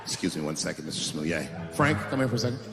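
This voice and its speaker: A man acting out a skeptical veteran police officer taking a report, in a slow, deadpan, lowered voice. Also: vocal fry, roomy sound, music in the background, heavily acted. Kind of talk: stand-up act-out.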